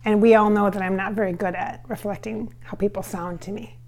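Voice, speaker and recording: A woman who vlogs as a psychic medium talks while cooking at home in a hardwood-floored kitchen, wandering off topic and often restarting her sentences amid many fillers. She has a mid-range, slightly mellow voice, steady in tone and a little fast.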